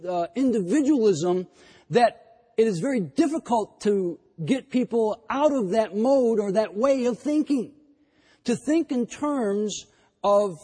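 A man preaching a sermon, emphatic and repetitive, building phrases into forceful declarations. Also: high-pitched, breathy edge, big-room sound.

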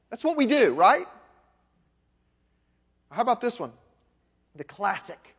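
A man with a notably high voice delivers a sermon as a pastor, speaking conversationally and asking his listeners question after question. His voice rings out with a long reverb, as if in a large church sanctuary. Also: sing-song, measured pace, long pauses, fairly bright tone, breathy edge. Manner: conversational preaching with rhetorical questions.

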